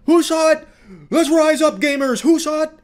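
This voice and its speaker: A man's voice: very high voice, steady tone, normal speed, darkish tone, voice pushed up. A man voicing a furious middle-aged woman, over the top and mocking. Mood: shrieking. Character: shrieking furious middle-aged woman, wrestling-announcer bravado.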